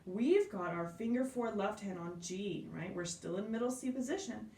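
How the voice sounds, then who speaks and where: Indoors at a piano, a woman teaches a beginner lesson, explaining patiently, counting aloud and checking in with her students. Her mid-range voice is darkish with lively intonation and a moderate pace. The sound is roomy and off-mic, with the piano behind her and a little hiss or hum.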